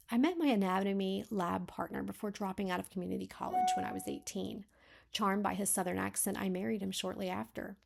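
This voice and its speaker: A woman reading a manuscript aloud and critiquing it, thinking aloud with frequent self-corrections and sometimes dropping to a soft whisper. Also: mid-range voice, creaky. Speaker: beta reader.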